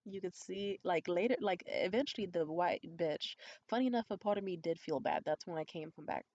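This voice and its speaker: A woman's voice: no echo, muffled recording. A young adult woman vlogger telling a candid, profane story in a conspiratorial way. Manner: acts out quoted voices high and loud. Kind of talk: storytime vlog.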